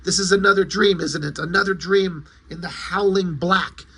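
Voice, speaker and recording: A desperate, haunted comic-book hero , as a man reads him out, cries out in anguish. The voice sits high and tense, with a husky edge. He sounds lost and frantic. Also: fairly even intonation, moderate pace, sharp tone, full character voice. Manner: screaming, desperate.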